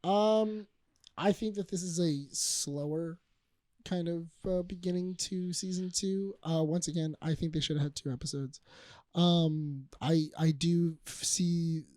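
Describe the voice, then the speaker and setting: Animated male co-host, dry sound. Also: fairly high pitch, measured pace, dry recording. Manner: animated, acts out scenes in quotes. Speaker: podcast co-host. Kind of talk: casual chat.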